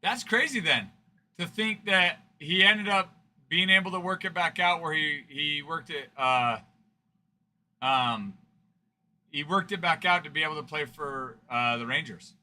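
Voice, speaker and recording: Male stream host, chatty banterer, brilliant bright tone, a touch high. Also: unhurried. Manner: chatty, teasing banter, fond of the word 'frickin''. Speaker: card-breaking livestream host. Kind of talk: casual livestream chat with viewers.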